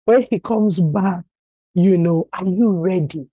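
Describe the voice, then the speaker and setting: A woman's voice: lowish voice, slow, dark tone, slightly rough, dry recording, dull audio. A woman pastor preaching conversationally and telling stories, with frequent "you know" asides.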